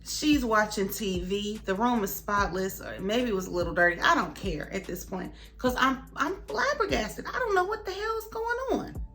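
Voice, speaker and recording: A young woman vlogger telling a story in a casual, animated way, acting out the other people's lines. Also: medium pitch, normal speed. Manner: animated, dramatic retelling with voices for others.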